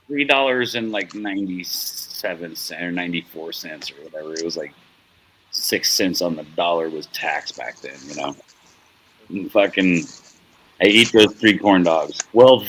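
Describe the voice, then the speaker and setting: A man's voice: on the low side, fairly bright tone, slight background noise, rough recording. A middle-aged man hosting a casual chat, rambling and profane as he tells a story, often laughing at himself. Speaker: show host.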